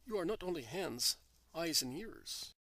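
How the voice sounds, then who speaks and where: A man voicing a calm, kind spiritual teacher who questions gently, in a storybook reading. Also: on the high side, a little slow, dry recording, full character voice, rough recording.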